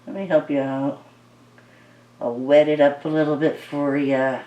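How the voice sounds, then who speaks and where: A woman's voice: sits low, flat delivery, measured pace, warm tone, distant mic. A woman narrating her paint pouring as she works, chatty and playful, talking the paint along. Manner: talks to the paint, coaxing it along; playful, easily delighted. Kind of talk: chatty narration while working. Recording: echoey room, mic set back.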